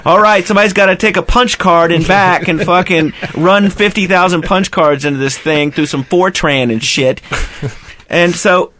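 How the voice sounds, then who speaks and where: A man's voice: high voice, normal speed, bright, forceful tone, slight background noise. Profane storytelling radio host, man. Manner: profane storytelling with mimicked dialogue. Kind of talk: casual radio banter.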